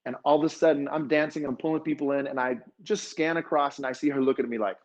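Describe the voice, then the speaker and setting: A man's voice: a little high, fairly even intonation, fast, muffled recording. A man, a fitness dance instructor, telling an emotional story at a conference and acting out the dialogue.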